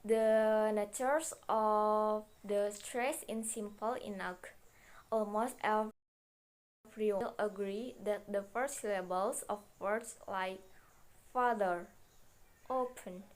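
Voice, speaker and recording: Slow, careful young woman student presenter. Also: mid-range voice, steady tone. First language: Indonesian. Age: young adult. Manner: slow, careful reading with restarts and self-corrections. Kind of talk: reading a class presentation.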